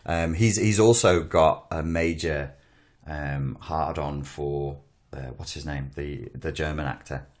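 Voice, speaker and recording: A man's voice: extremely low pitch, fairly even intonation, slow. A man in casual podcast chat, rambling and blunt, often restarting his sentences. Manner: rambling, blunt, swears, self-interrupting. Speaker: podcast co-host.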